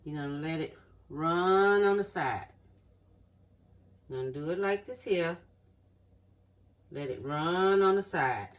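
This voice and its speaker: A home cook walking viewers through a recipe in a folksy, chatty way, checking in often with the audience, in a home kitchen. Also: mid-range voice. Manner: folksy, chatty step-by-step instructions with frequent "okay?" check-ins. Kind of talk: cooking demonstration. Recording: voice distant from the mic.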